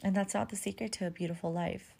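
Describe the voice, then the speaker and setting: A woman's voice: medium pitch, fairly even intonation, fast talker, gravelly, darkish tone, breathy edge. A woman hosting a podcast, giving relationship advice in a candid, casual monologue that is full of swearing and "like" fillers. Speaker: podcast host.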